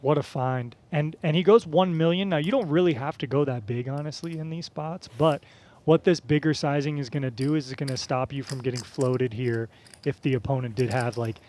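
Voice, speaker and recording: A man's voice: medium pitch, brisk, darkish tone. A man giving live poker commentary in a chatty, coaching manner, explaining strategy as he goes.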